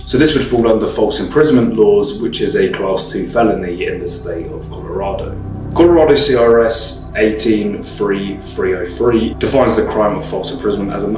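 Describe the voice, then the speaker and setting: A man with a lowish voice walks through legal points in a measured, disapproving tone. He sounds set back from the mic in a roomy space. Faint music plays underneath. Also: a little mellow, recorded from a distance. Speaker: commentator. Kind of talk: reaction commentary explaining law.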